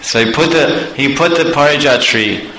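Bright-voiced preacher telling stories. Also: male voice, on the high side, normal speed. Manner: animated, chuckling often, conversational asides. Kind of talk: storytelling sermon. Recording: echoey room, faint background noise.

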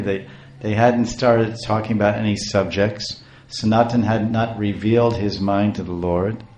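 A man preaching a devotional story, halting and repeating words as he goes. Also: fairly low pitch, a little mellow, slight background noise. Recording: roomy echo.

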